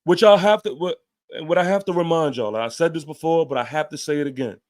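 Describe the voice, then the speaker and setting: A man's voice: a little high, fast talker. A man hosting a fan show, giving a heated, emphatic post-game rant with casual swearing and repeated points.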